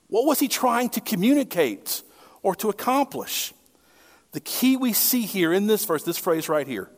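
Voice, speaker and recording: Animated, high-voiced pastor preaching in a hall. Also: male voice. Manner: conversational, asks the congregation rhetorical questions. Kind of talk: sermon. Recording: long hall reverb.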